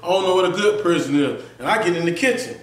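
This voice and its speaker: A man telling his story in a casual interview, animated and acting out voices, often asking "you feel me". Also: high voice, fast talker, recorded from a distance. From Florida, US. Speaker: interview guest. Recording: echoey room, somewhat off-mic.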